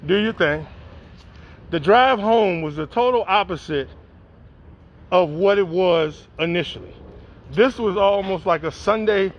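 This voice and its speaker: Guy, middle-aged, high voice, profane animated storytelling. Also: measured pace, dull audio. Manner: acts out dialogue, rises in excitement. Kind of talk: spoken word storytelling.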